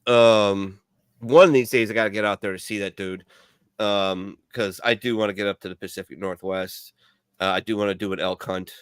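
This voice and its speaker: A man's voice: on the low side, steady tone, moderate pace, clear, resonant tone, no echo, clean studio sound. A man from Milwaukee, a veteran co-host of a radio show, rambling through profane stories in casual chat full of fillers.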